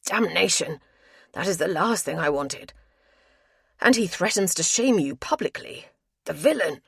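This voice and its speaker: A woman's voice: lowish voice, expressive, unhurried, vocal fry, a bit bright, slightly rough, dry recording, studio quality, heavily acted. A woman voicing an earnest, emphatic middle-aged male country doctor.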